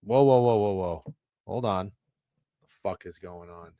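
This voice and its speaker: This young man's voice is low-pitched and warm, his pace measured, as he co-hosts a relaxed sports betting show via video call. He swears, jokes, and fumbles flustered with his camera. There's no echo, though the high frequencies are cut off.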